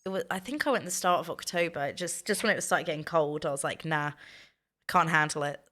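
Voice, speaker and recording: A woman's voice: low voice, brisk, pushed and bright. A woman, chatting casually with her stream viewers and telling stories. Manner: chatty storytelling, reading chat aloud. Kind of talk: casual chat.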